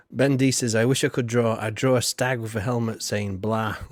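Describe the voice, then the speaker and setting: A young adult man hosts a live stream and talks casually, chuckling as he thinks aloud over which viewer message to play next. He speaks at an unhurried pace. His voice sits close and dry, with no room sound. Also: medium pitch, no echo. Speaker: streamer reading out viewer donations.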